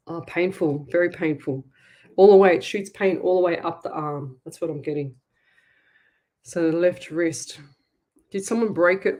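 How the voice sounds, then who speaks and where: A woman's voice: fairly low pitch, darkish tone. An Australian woman hosting a live psychic medium show, talking casually and rambling as she gives blunt advice to her viewers. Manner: chatty, rambling, direct advice-giving. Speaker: psychic medium radio host. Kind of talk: casual live-stream reading.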